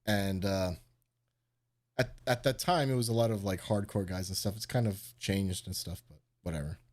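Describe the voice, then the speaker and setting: On his live stream, a man with a lowish voice tells a story casually at a moderate pace. He's lively and profane, and he bumps his voice up when performing what others said.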